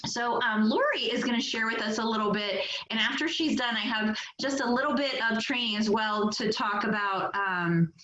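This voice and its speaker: A woman's voice: a little high, moderate pace, hardly any pauses, sharp tone. A woman directing a sales team on a motivational call, upbeat and chatty, laughing often and using lots of fillers. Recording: echoey, dull lo-fi call audio.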